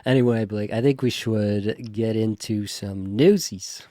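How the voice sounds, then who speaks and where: A man's voice: on the low side, a little slow, warm tone, dry recording, clean studio sound. A man hosting a fantasy hockey podcast, chatting in an easygoing way and chuckling as he tells stories. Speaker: host. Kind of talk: casual podcast chat.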